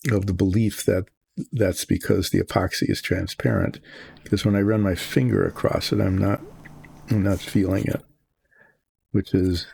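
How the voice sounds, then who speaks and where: A man's voice: low-pitched, vocal fry, a little mellow, breathy edge, no echo. An older man chatting casually as he works on a model, rambling through asides. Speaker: hobby model painter. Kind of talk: casual narration while working.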